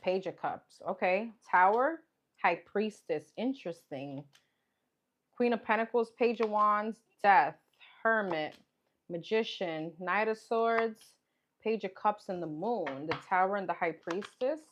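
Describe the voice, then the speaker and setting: A woman talks through a tarot reading in a loose, musing way, speaking her thoughts aloud and circling back with "okay" as each card comes up. Her voice sits at an ordinary middle pitch for a woman. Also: a little slow, lo-fi sound, a little hiss or hum. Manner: chatty, musing, repeats "okay" and "what's coming up" while pulling cards. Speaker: tarot reader.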